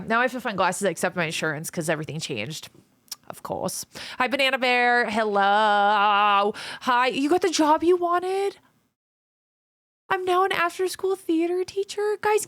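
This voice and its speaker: A woman's voice: mid-range voice, a bit bright, dry recording. A woman streamer in casual chat with viewers, greeting them by name and swearing freely. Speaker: live streamer.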